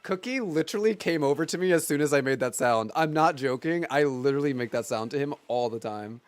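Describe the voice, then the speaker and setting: Man in his thirties, streamer, rambling casual chat, very expressive pitch, dry close sound. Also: a little fast, no echo, soft background music. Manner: animated, rambling, lots of "like" fillers.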